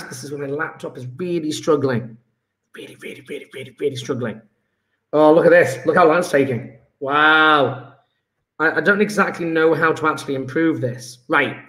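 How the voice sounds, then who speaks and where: A man's voice: fairly high pitch, normal speed, sharp tone, reverberant. A man teaching chemistry in a live online lesson, chatty and jokey, reading out pupils' chat messages as he goes.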